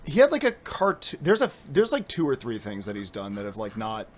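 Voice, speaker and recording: A man hosting a podcast in casual chat, animated and giggly, rambling between thoughts. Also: lowish voice, a little fast, slight background noise. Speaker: podcast host.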